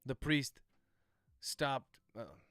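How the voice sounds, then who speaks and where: A man, an author, dictating his thriller aloud at a steady, methodical pace, speaking the punctuation marks. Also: mid-range voice, very slow, dry recording, clean studio sound. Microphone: close livestream microphone.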